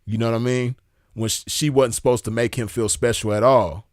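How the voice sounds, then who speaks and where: A man's voice: mid-range voice, fairly even intonation, brisk, dry recording, studio quality. A man giving casual commentary, laid-back and slangy, often checking in with the listener. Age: adult with a child. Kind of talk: casual commentary reading messages aloud.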